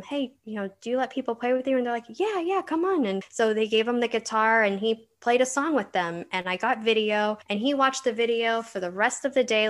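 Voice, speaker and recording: A middle-aged woman author, guesting on a casual interview, shares personal stories in an earnest, chatty manner and laughs often. Her voice sits on the high side and sounds a bit bright.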